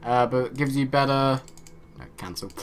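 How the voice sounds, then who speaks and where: A man's voice: medium pitch, normal speed, slight background noise. A man casually commentating a video game, rambling and joking as he reads the game's dialogue aloud in an offhand way. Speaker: let's play host.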